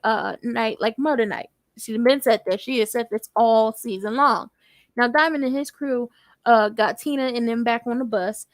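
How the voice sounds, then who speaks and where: A woman giving a casual TV episode recap, sassy and animated with playful asides. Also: high voice, dry recording. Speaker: TV recap YouTuber.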